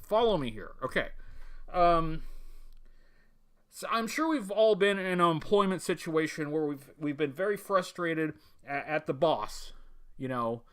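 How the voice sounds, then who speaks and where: A man's voice: a little high, expressive, a little slow, fairly bright tone, clean tone. A man hosting a live toy-collector stream, greeting chat viewers by name and rambling with many fillers and restarts. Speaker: livestream host.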